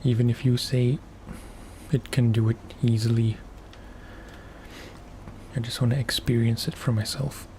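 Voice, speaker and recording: A man streaming a game for relaxation, talking softly in unhurried, musing asides. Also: mid-range voice, little pitch movement, slight background noise. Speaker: gaming ASMR streamer. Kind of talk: soft-spoken gameplay commentary.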